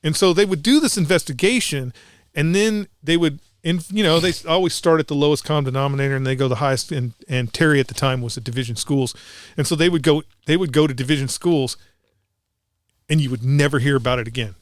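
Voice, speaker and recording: A man's voice: a little high, fast talker, no room sound, clean studio sound. A man, a former Marine, telling rambling military anecdotes on a podcast with many restarts and acted-out quotes. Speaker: podcast co-host. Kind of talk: casual storytelling chat.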